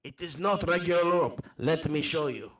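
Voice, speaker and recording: A man playing a friendly, formal traveler mage who speaks in halting phrases and leaves out small words. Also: fairly high pitch, fairly bright tone, pitched above the performer's own voice, natural voice. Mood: earnest. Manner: halting formal speech, drops articles. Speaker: player. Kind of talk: tabletop role-play.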